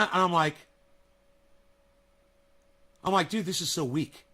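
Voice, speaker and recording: Guy rambling to camera at home, high-ish voice, swears a lot, all fired up. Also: a little slow, long pauses. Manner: animated, profane, excitable storytelling. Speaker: vlogger. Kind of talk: casual rambling monologue. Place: at home, near a kitchen.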